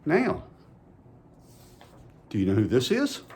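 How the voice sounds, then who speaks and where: A man's voice: on the low side, expressive, unhurried, warm tone, slight background noise. A man giving a children's message at church in a folksy way, asking the kids playful questions. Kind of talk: children's sermon.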